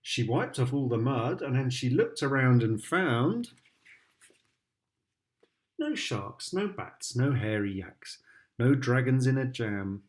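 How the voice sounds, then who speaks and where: A British father reads picture books aloud in a slow, lilting voice. His pitch rises and falls playfully as he adds sound effects for his child. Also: big pitch swings. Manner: slow and sing-song.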